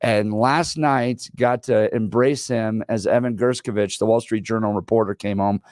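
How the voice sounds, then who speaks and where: A man in his forties co-hosting a talk radio show, telling stories in an animated way with laughs. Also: lowish voice, normal speed, dry recording, studio quality. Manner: animated storyteller, laughs while telling anecdotes. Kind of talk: casual talk radio banter. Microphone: studio microphone.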